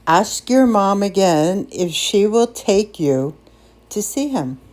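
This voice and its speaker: A woman voicing a calm male spirit guide. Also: mid-range voice, slow. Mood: soothing.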